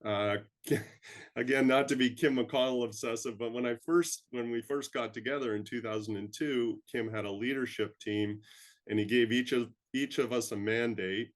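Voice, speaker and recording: A man's voice: mid-range voice, steady tone, normal speed. An older man from Canada, an interview guest who tells reflective stories in a humble, rambling way with frequent ums. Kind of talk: reflective storytelling.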